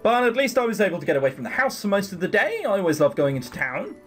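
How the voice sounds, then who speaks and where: A man's voice: high voice, very animated, quick pace, a bit bright, faint music behind. A man voicing a tired, hopeful young servant girl who muses to herself, reading a visual novel game aloud. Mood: musing.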